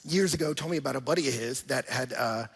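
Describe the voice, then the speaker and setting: A man preaching a sermon to a church congregation, animated and full of rhetorical questions, sometimes acting out little scenes. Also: mid-range voice, fast, gravelly, husky, in a large hall. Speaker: pastor.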